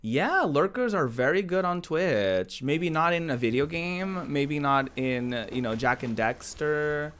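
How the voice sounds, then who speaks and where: A man's voice: fairly high pitch, animated, measured pace, few pauses, fairly bright tone. A man streaming a game, chatting casually with his viewers, giggling often and answering chat aloud. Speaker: Twitch streamer.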